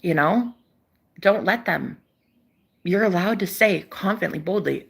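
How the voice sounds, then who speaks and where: A woman's voice: on the low side, unhurried, creaky, long pauses, slightly rough. A young woman hosting her own spiritual channel, who talks to the camera in a casual but preachy way, swears freely and calls her viewers baby.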